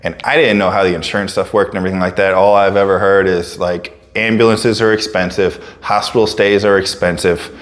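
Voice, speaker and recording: Man, very low voice, casual storytelling, loose, fillers and restarts. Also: brisk, few pauses. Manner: relaxed, full of fillers and restarts, acts out others' lines. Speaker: fitness coach and storyteller.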